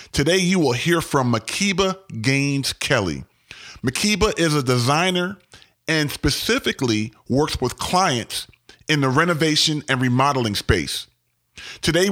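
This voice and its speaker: A man's voice: a little high, fairly bright tone. A man in his forties from Maryland hosting a renovation podcast, upbeat and emphatic, repeating words for effect. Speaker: podcast host. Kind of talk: podcast intro and interview.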